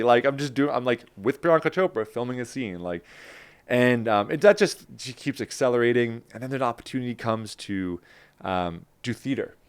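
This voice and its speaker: In a smooth, mid-range voice, a New Jersey man chats as a guest in a casual interview. He's animated, recounting stories by acting out his earlier remarks, and peppers them with plenty of "like"s.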